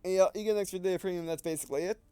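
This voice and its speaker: A man with a high-pitched, smooth voice talks through a game in a casual, rambling way, short of breath and often backing up to fix what he said. The sound is dry and close. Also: rapid-fire, dark tone, no room sound. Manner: rambling, often restarting and correcting himself. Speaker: gaming video creator. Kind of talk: casual gameplay commentary.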